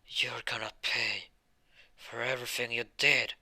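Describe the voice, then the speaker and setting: A man voicing an angry, jealous young male rival who makes threats, with a bright, tense tone. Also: mid-range voice, little pitch movement, unhurried, no room sound, exaggerated voice. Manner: threatening, furious.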